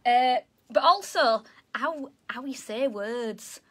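A woman's voice: on the high side, slow pace. A woman with a Yorkshire accent giving a chatty, bubbly online lesson for children, often joking about herself. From Yorkshire, England. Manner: chatty, bubbly, self-deprecating. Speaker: zoo educator.

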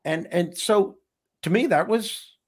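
A man hosting a talk show, telling a personal story in a lively way with frequent restarts. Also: sits high, takes it slowly, slightly rough. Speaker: host. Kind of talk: casual storytelling chat.

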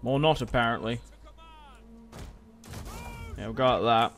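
A man's voice: mid-range voice, a little slow, fairly bright tone, soft background music. A young man giving casual, rambling commentary over a strategy game, restarting sentences and swearing freely. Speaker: gaming video host.

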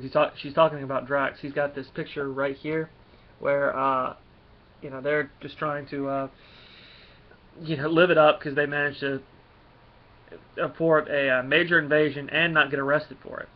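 A man giving a casual spoken review of a comic, rambling and halting with many fillers. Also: a little high, little pitch movement, dull audio.

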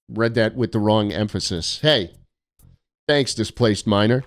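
A man's voice: fairly low pitch, unhurried, soft background music. A young man live-streaming a game, joking and sarcastic as he reads out viewer postcards. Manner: sarcastic, joking, mock-arrogant.

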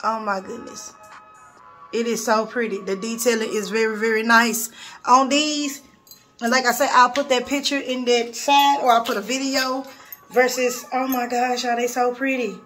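A woman with a high voice chats through a beauty haul while seated at her home bathroom vanity. She gushes over each item and keeps calling the viewers y'all. A faint music bed plays underneath. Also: fairly even intonation, moderate pace, fairly bright tone. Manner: chatty, gushing, keeps addressing viewers as y'all. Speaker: beauty vlogger reviewing a nail haul. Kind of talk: casual haul video chat.

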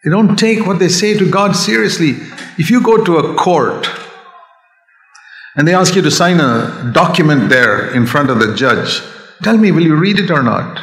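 A man's voice: a little high, animated, normal speed, a bit bright. Older man, preacher, earnest and emphatic, recorded with roomy hall echo. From India. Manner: earnest, rises to emphatic raised voice. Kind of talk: sermon. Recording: echoey hall sound.

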